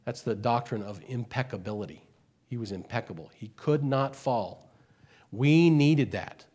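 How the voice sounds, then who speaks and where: A man preaching a sermon, swinging between quiet and loud and slowing on key words, repeating phrases for emphasis. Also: mid-range voice. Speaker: pastor.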